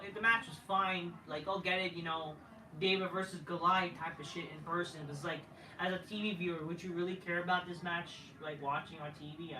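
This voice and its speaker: A man's voice: sits high, sharp tone, echoey room, recorded from a distance, a little hiss or hum, low-quality recording. A man ranting through a casual wrestling show review, profane and exasperated, rambling from one gripe to the next. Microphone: camera mic at a distance.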